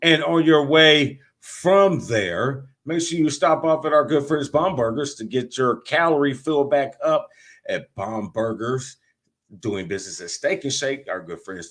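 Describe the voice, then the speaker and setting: A man's voice: mid-range voice, a bit bright. A man hosting a sports podcast, reading sponsor plugs and talking football in a loose, joking, trash-talking way. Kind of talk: casual sports talk with sponsor reads.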